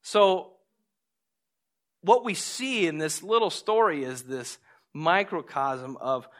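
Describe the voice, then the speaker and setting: A man preaching a sermon, telling stories with lively, acted-out moments and drawing lessons from scripture. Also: fairly high pitch, takes it slowly. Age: adult with a young son. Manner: animated storytelling, acts out scenes. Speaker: pastor.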